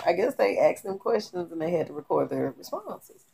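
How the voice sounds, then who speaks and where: A woman giving an animated, slangy recap of a TV show, talking straight to her viewers. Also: on the low side, normal speed, creaky, few pauses. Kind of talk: casual TV recap commentary.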